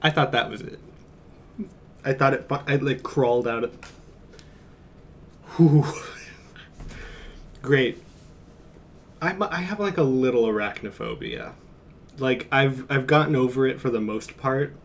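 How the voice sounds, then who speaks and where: Man, live streamer, casual chat, rambling, joking, chuckles, mid-pitched voice. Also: a little slow, long pauses, a little hiss or hum. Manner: rambling, jokey, chuckles often. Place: at home.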